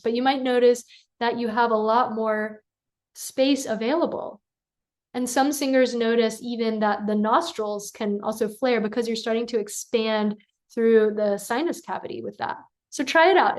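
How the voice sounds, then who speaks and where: A woman vocal coach giving a singing lesson, calm and encouraging, who breaks into sung syllables to demonstrate. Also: fairly high pitch.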